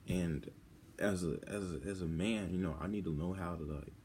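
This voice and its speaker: A teen boy vlogging about something personal speaks in a low, dark voice, stumbling and rambling through many restarts. He sounds on the verge of crying, and there's faint background noise.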